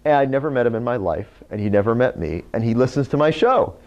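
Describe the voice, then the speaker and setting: A man's voice: mid-range voice, fast talker. A man who hosts an internet radio show, giving a live talk to a speakers' group and telling stories full of "you know" and "right?". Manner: animated storyteller, lots of "you know" and "right?". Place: meeting room. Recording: dull lo-fi recording.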